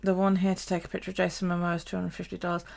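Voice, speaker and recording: A woman's voice: on the low side, completely flat delivery, very fast, vocal fry, darkish tone. A woman telling a story on a casual live stream, swearing freely and laughing as she goes. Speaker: bullet journal live streamer.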